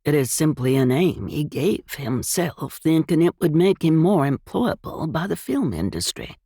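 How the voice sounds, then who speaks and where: Woman playing a slow, grave American man. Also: sits low, sing-song, warm tone, husky, no room sound, clean studio sound, heavily acted. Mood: grave, wry. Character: weary, mild American man, a writer.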